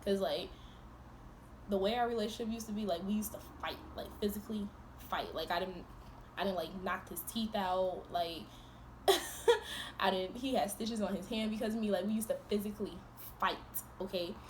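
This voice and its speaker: A young woman in a storytime vlog, retelling events in an animated, profane, exasperated way, breaking into laughs. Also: mid-range voice, normal speed, a little hiss or hum. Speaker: vlogger.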